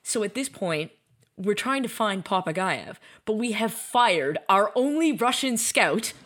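A young woman co-hosting a podcast, telling a story in casual chat, animated and laughing, acting out the lines of people she quotes. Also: medium pitch, measured pace. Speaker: podcast co-host.

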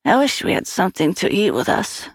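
A woman voicing a defiant, rude young girl who shouts back at her stepmother. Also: mid-range voice, sing-song, a little fast, dry recording, clean studio sound, pitched above the performer's own voice. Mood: curious.

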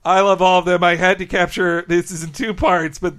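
A man's voice: high-pitched, level tone, fairly quick, a bit bright. A man co-hosting a podcast, chatting casually and enthusiastically, laughing often. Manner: enthusiastic, giggly. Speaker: podcast co-host. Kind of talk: casual chat.

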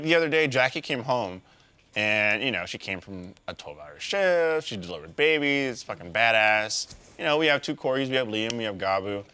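An animated man in casual conversation, pitch at a middling level but ranging widely as he tells stories. He jumps into high squeaky voices to quote others and speaks loosely, with plenty of fillers. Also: clear, resonant tone. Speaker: podcast co-host. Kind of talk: casual group chat.

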